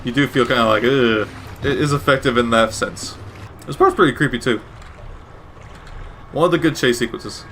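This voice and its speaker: A man's voice: mid-range voice, fairly quick, pauses often, fairly bright tone, slight background noise. A man giving casual, rambling gameplay commentary with wry asides and frequent self-corrections. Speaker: gaming commentator.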